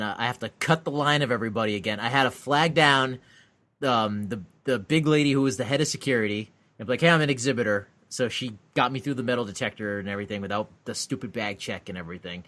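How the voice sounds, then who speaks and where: A man co-hosting a podcast, telling a long frustrated story in casual chat, swearing freely and acting out the people he met. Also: mid-range voice. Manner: animated ranting storyteller, swears a lot. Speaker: podcast co-host; convention exhibitor.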